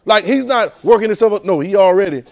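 A man preaching a sermon to a class at a church training center, animated and repetitive, firing rhetorical questions. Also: high-pitched, quick pace.

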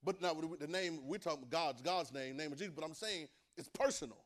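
High-voiced male preacher teaching scripture, emphatic and repetitive, calls listeners to answer. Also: a little fast, a bit bright. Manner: emphatic, repeats phrases, calls for responses from listeners. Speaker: preacher teaching a Bible class. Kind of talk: sermon.

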